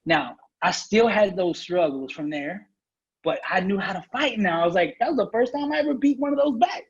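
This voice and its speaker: A man's voice: high voice, animated, brisk, slightly rough, dull audio. A man guest on a podcast interview, telling a personal story in an earnest, emphatic way. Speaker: guest speaker.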